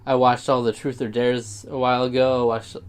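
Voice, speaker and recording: A man's voice: medium pitch, flat delivery, brisk, a little hiss or hum. A young man with a mid-range voice talks straight to camera in a loose, rambling vlog. He drifts off track, restarts his thoughts and speaks with open, sincere feeling. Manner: rambling, sidetracked, heartfelt. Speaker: YouTuber. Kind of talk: casual vlog monologue.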